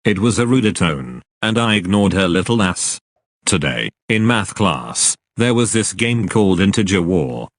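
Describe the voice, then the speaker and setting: Angry, profane storytime narrator; lower male voice. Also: sing-song, unhurried.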